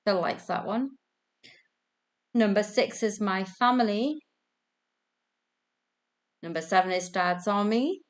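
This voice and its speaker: A woman's voice: mid-range voice, slow, pauses often. A woman hosting a casual online quiz over a video call from home, chatty, giggly and self-deprecating. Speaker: quiz host.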